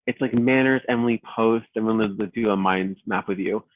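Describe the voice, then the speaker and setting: A man in his thirties, a podcast guest, chatting casually and telling stories with lively acted-out quotes. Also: fairly low pitch, normal speed, dry recording. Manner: animated storyteller, acts out quoted voices. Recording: tinny phone-like line, dry.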